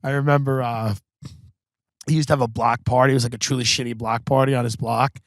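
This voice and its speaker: A man's voice: medium pitch, steady tone, quick pace, no echo. A man from Long Island hosting a podcast, telling comedic stories in a rambling, profane way full of filler words. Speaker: podcast host. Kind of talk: comedic storytelling.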